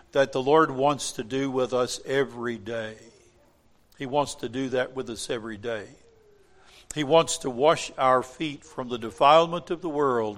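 An older man preaching a sermon in an earnest way, going from quiet, tender lines to loud, emphatic ones. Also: medium pitch. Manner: earnest, swings from soft to emphatic when quoting scripture.

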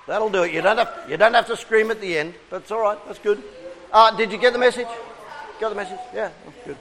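A man's voice: sits high, animated, fairly quick, long pauses, fairly bright tone, long reverb tail, a little hiss or hum. A man preaching an interactive sermon, coaxing the congregation with questions and call-and-response.

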